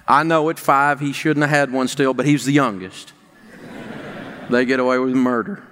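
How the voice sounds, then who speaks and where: A man's voice: mid-range voice, steady tone, moderate pace, fairly bright tone. A middle-aged male pastor giving a sermon, telling a personal story that builds into emphatic preaching. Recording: long reverb of a large hall.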